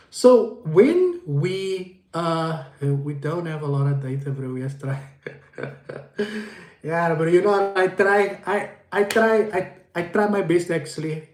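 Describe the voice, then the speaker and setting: A man's voice: on the high side, a little mellow. A man hosting a casual livestream, greeting viewers by name and repeating himself as he rambles. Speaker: livestream host. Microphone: phone. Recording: echoey room.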